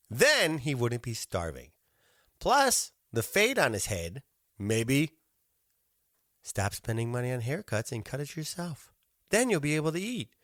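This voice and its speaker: A male podcast host rants in a loose, profane monologue and mocks the people he talks about. His voice sits at a middling pitch but jumps around a lot. It sounds close and dry, with no room in it. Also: a bit bright, no echo. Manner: profane, mocking, swears constantly. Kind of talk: casual ranting monologue.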